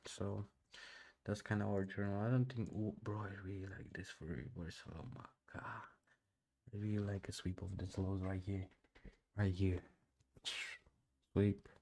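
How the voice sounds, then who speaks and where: A young man streams live while day trading, speaking at a moderate pace in a lowish, warm voice with vocal fry, a flat delivery and long pauses. English is not his first language, and he keeps things casual and slangy, often calling people "bro."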